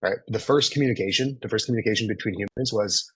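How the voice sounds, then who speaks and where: A man's voice: on the low side, quick pace, fairly bright tone, breathy edge, no echo, low-quality recording. A man in his thirties coaching a group in a live online training, casual and profane, always checking in with "right?". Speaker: sales coach.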